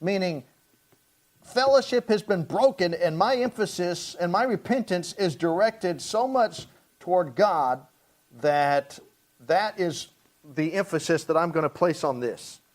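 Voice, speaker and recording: A man, a pastor, teaching a Bible study, reading scripture slowly and explaining it in plain, everyday talk. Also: high-pitched, expressive. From Hawaii.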